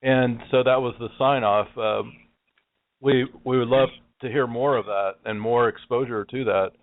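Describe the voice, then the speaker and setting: A man's voice: mid-range voice, steady tone, normal speed, no room sound. A middle-aged man from Tennessee co-hosts, speaking in a friendly, meandering way with many fillers. His mid-range voice comes through dry and narrow, like a phone call. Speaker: co-host. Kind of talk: casual phone interview. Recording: dry tinny phone line.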